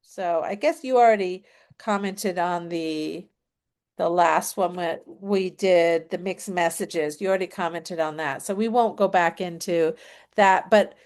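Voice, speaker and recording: A woman's voice: on the low side, a little slow, a little mellow. Reflective woman hosting a discussion. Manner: reflective, therapist-like, frequent affirmations. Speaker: host of a show reaction chat. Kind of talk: casual discussion.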